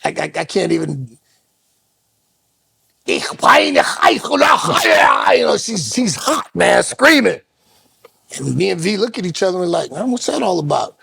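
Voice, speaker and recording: A man with a high, gravelly voice tells a story in loose podcast chat. He slips into other people's voices as he goes. The sound is close and dry. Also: moderate pace, dry recording. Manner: animated storyteller, acts out voices. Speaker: co-host.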